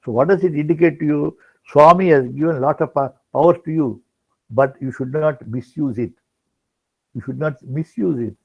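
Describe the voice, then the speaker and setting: Gravelly older man preaching. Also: a little high, normal speed. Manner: rambling, repeats words, many restarts. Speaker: spiritual speaker. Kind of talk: devotional discourse. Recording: dull lo-fi online talk recording.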